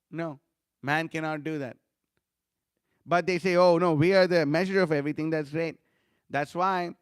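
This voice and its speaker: Smooth-voiced man giving a scripture class. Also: a little high, dry recording, studio quality. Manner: conversational, frequent "you know" fillers, animated storytelling. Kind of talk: informal scripture lecture.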